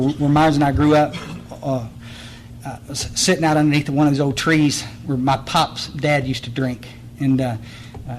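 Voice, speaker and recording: A man's voice: mid-range voice, slight background noise, poor audio. A man, giving a blunt, direct recovery meeting talk full of stories and restarts, speaking in a meeting room.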